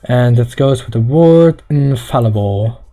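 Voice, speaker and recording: A man's voice: medium pitch, unhurried, dark tone. A young man casually commenting on a visual novel on a livestream, reading the game text aloud, rambling and joking with some stammering. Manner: rambling, joking, stammering, mock-Russian asides.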